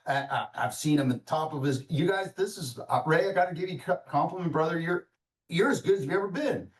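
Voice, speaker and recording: A man of middle pitch hosts a webinar over a video call. He rambles and restarts, and he sounds a little off-mic. His voice carries in a roomy, echoey space. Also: expressive, distant mic. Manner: rambling, halting, full of restarts. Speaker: webinar host. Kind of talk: casual webinar chat.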